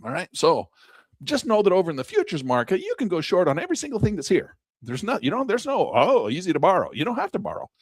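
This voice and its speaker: A man teaching day trading over a chart in a folksy, excitable way, with a dry close mic. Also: sits high, fast, slightly rough, dry recording. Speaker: trading instructor. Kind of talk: screen-share trading lesson.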